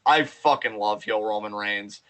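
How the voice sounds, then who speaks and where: A man co-hosting a podcast in casual chat, excited and animated, swearing freely as he talks. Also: fairly low pitch, a little slow, poor audio. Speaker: podcast co-host.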